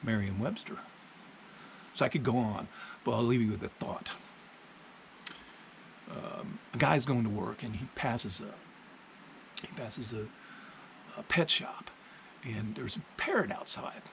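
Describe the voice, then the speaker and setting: This is a man with a gravelly voice of ordinary pitch, speaking casually into his own video. He tells things in a plainspoken, unhurried way, and faint noise sits behind him. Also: rough recording. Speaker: vlogger. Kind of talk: casual spoken monologue.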